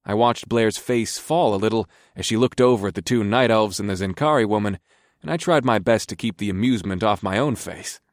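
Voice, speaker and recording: A man narrating a story in the first person in a relaxed, conversational way. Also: lowish voice, a little fast, no room sound, studio quality. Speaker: audiobook narrator.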